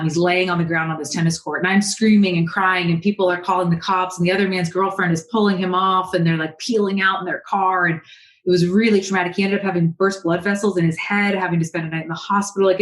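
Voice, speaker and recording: A woman from California, a guest coach on an interview podcast, telling a personal story in a lively, animated way. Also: fairly low pitch, fast, reverberant. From Berkeley, California.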